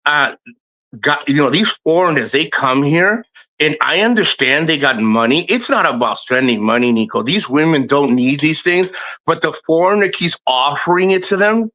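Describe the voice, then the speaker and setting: A man's voice: a little high, expressive, moderate pace, bright, forceful tone. A man hosting a livestream, ranting in a rambling, profane way with lots of restarts. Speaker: livestream host. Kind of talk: casual livestream rant.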